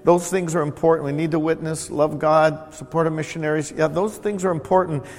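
A man's voice: on the high side, steady tone, fairly quick, long reverb tail. A male pastor preaching a sermon in a church, with a conversational style that keeps repeating words for emphasis. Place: church sanctuary.

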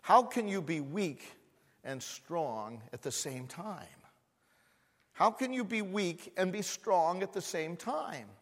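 A man preaching a sermon as a pastor, swinging from loud, emphatic repeated words to hushed, quiet asides. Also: high voice, animated, slow. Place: church hall. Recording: long hall reverb in a church.

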